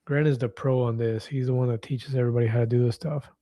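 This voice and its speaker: A man's voice: mid-range voice, steady tone, quick pace, mellow, no room sound. A man in his fifties hosting a casual livestream, chatting and reading viewer comments aloud, laughing easily. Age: 50s. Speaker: livestream host.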